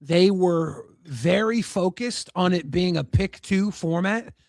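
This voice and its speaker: Male podcast co-host with a gravelly voice who talks in halting restarts, dry mic. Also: sits high, dry recording. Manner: relaxed, halting with repeated restarts. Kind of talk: casual podcast chat.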